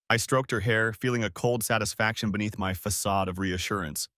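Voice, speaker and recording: A man narrating a first-person revenge story in a measured, wry storytelling manner, recorded close to the mic. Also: lowish voice, fairly even intonation, fairly bright tone, no echo.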